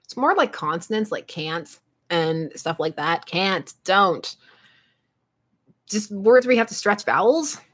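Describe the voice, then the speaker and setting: A woman's voice: medium pitch, sing-song, moderate pace, slightly rough. A woman with a Canadian accent, co-hosting a casual fandom chat and laughing often between her thoughts. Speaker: podcast co-host.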